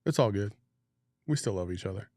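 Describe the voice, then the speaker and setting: A man's voice: on the low side, expressive, brisk, dark tone, slight background noise. A man hosting a casual sports podcast, laid-back and teasing, laughing often as he chats. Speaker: podcast host.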